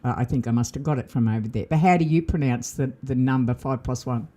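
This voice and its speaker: A woman's voice: extremely low pitch, quick pace, mellow. A woman with an Australian accent, co-hosting a casual podcast, telling stories in a chatty way and laughing often. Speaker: co-host.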